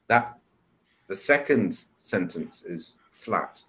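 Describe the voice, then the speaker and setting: A man's voice: fairly low pitch, animated, slow, a bit bright, poor audio. A man tutoring English one-on-one over a video call, explaining patiently with repeated examples. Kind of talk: one-on-one online English lesson.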